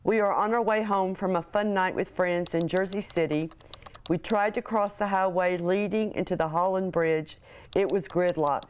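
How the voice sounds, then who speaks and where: A woman's voice: fairly low pitch, fairly even intonation, moderate pace, clean tone. A woman in a news feature interview, laughing easily as she recalls her husband's love notes. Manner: amused, laughs easily, reads notes aloud. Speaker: interviewee, wife.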